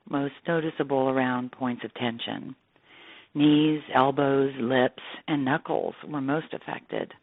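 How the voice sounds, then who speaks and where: An actress reading a literary essay aloud in a measured, expressive narration. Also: female voice, extremely low pitch, no echo. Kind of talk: scripted narration. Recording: tinny phone-like dry sound.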